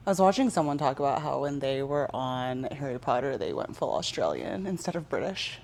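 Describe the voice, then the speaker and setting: A woman's voice: rumbling low, very animated, a little fast, gravelly, darkish tone, a little hiss or hum. A young woman co-hosting a casual podcast, trading dry, playful quips. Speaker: podcast co-host. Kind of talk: casual chat.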